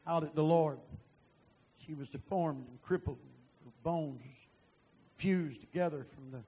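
A man preaching a sermon and telling a testimony, animated and bursting into loud emphasis. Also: on the high side, measured pace, husky, low-quality recording.

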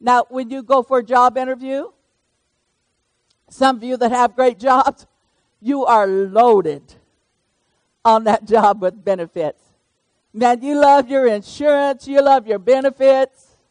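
A woman's voice: fairly high pitch, fairly even intonation, takes it slowly, pauses often, darkish tone, no echo. An older woman preaching a sermon in a folksy, conversational way, calling on listeners by name.

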